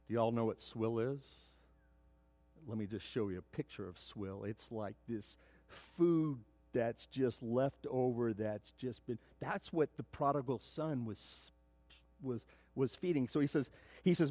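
A middle-aged man preaching a sermon as pastor, emphatic, often repeating words as he builds to loud points. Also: mid-range voice, normal speed, dry recording. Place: church sanctuary.

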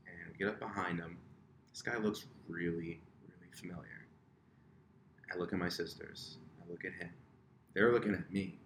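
Self-mocking storytelling man, low voice. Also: steady tone, normal speed, long pauses, a bit bright. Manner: self-mocking, acts out quoted dialogue. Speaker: podcast guest. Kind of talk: casual storytelling. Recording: roomy echo, faint room noise.

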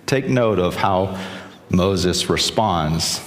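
A man's voice: low-pitched, lively intonation, drawn-out words, in a large hall. A man preaching a sermon in a chatty, conversational way, often checking in with the listeners. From South Carolina, US. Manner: conversational, asks the audience with "right?". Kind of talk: sermon, retelling a scripture story.

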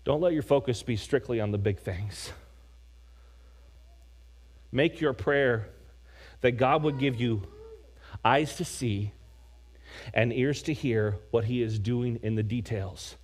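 A man preaching as a pastor, moving between loud, animated emphasis and quiet, slow prayer. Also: medium pitch. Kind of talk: sermon.

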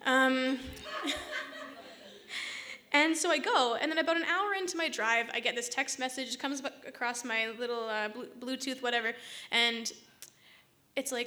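A woman telling a personal story to camera in a casual, chatty way, exasperated and full of quick asides. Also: high voice, sharp tone.

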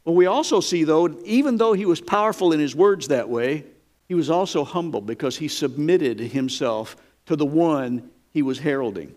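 A man's voice: on the high side, animated, normal speed, a little mellow. A man preaching a sermon in an emphatic, folksy way, with dramatic quoted lines.

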